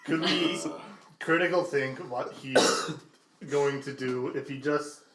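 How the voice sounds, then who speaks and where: A man's voice: medium pitch, slow pace. A man playing a tabletop game, hesitant and chuckling as he thinks aloud. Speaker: player. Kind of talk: casual tabletop play. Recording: echoey room, faint noise.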